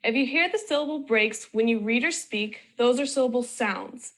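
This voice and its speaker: A woman presenting a children's phonics video in slow, clear, sing-song scripted narration. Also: on the high side, a bit bright.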